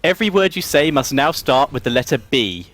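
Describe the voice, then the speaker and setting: A man setting challenges for a caster, giving brisk, deadpan instructions. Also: mid-range voice, dry recording. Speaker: challenge-giver.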